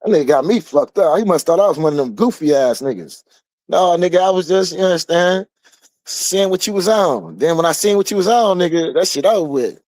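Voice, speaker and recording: A man from the United States in casual street talk, blunt and profane, telling animated stories. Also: a little high, fairly quick.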